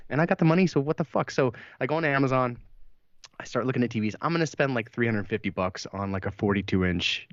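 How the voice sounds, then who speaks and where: A man's voice: medium pitch, fast talker, no echo. A man co-hosting a podcast, telling a long story in casual chat, swearing freely, laughing often and acting out quotes. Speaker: podcast co-host. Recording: dry, slightly dull mic sound.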